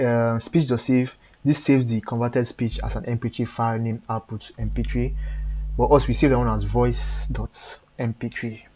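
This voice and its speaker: A man talks viewers through a coding tutorial on a live stream in a mellow, relaxed tone. His explanation moves haltingly, full of fillers and mid-sentence corrections. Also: medium pitch. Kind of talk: step-by-step coding walkthrough.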